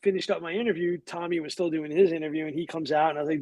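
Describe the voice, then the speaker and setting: A middle-aged man from New York tells a long anecdote in a lively, profane way and acts out the people in it. His voice sits a little high for a man. The sound is dry and close. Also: racing, no echo. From New York, USA. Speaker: guest. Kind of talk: casual storytelling in conversation.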